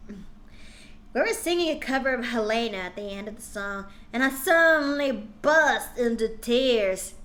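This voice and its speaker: A woman's voice: fairly high pitch, animated, a little slow, fairly bright tone. A woman streamer reading cringe fan fiction aloud on a live stream, breaking off with exasperated, sarcastic asides.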